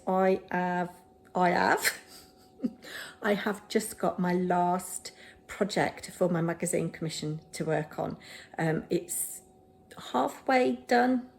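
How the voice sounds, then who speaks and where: A woman's voice: on the low side, a little mellow. A middle-aged woman vlogging at home. She is chatty and self-deprecating and rambles casually. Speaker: vlogger, drama teacher.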